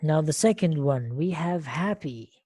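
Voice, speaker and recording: Slow, low-voiced woman teaching English online. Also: expressive, dark tone, breathy edge. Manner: slow, patient, repeats words and questions for learners. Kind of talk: online live English lesson. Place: online class call.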